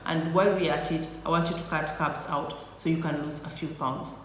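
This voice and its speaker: A woman's voice: deep voice, steady tone, fairly quick, fairly bright tone, slight background noise. A woman voicing a blunt, matter-of-fact German boyfriend, recorded in an echoey room with long reverb.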